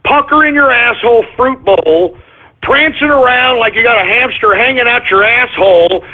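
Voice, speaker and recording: A man hosting his own radio show, ranting in an agitated way, repeating himself and breaking into shouts. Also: very high voice, normal speed. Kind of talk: ranting call-in radio monologue. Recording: phone-line quality broadcast.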